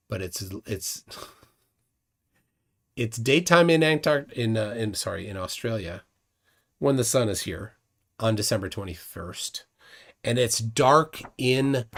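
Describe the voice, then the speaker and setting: A man's voice: mid-range voice, lively intonation, takes it slowly, pauses often. Guy hosting a livestream, combative and mocking, keeps repeating himself mid-rant. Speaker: livestream host. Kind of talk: casual livestream debunking.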